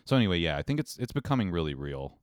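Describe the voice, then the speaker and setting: A man's voice: deep voice, very animated, very fast, dry recording, clean studio sound. A man co-hosting a casual chat, rambling wryly and mocking himself as he tells anecdotes. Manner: rambling, wry, self-mocking. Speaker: podcast co-host. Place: New York.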